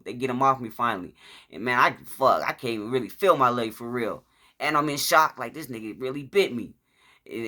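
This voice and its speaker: Male storyteller, casual profane monologue, bright and sharp voice, mid pitch. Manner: profane, rambling, acts out shouts and quotes. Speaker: vlogger telling his life story.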